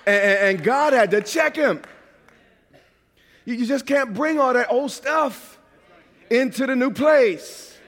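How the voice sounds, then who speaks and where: A man from New York preaching a sermon as a pastor, animated and at times shouting. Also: very high-pitched, slow pace, pauses often, in a large hall.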